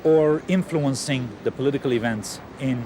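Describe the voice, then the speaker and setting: A man speaking hesitantly in an interview, pausing often with fillers. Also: mid-range voice, dark tone, slight background noise.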